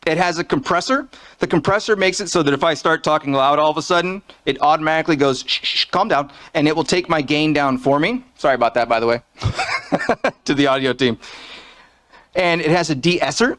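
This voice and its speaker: A man's voice: on the high side, normal speed, a bit bright. A man giving a casual, joking talk from behind a podium on a conference stage, speaking into a fixed podium microphone.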